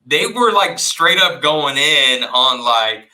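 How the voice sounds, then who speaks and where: A man's voice: a little high, takes it slowly, hardly any pauses, low-quality recording. A young man from Texas, a comedian guest on a podcast, telling a casual story with laughs and acted-out voices. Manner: animated storyteller, laughs often, acts out voices.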